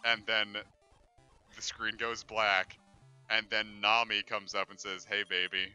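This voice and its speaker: Bright-voiced joking man, crude banter. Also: lowish voice, flat delivery, measured pace, smooth, muffled recording, faint music behind. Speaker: let's play host. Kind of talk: casual chat over gameplay.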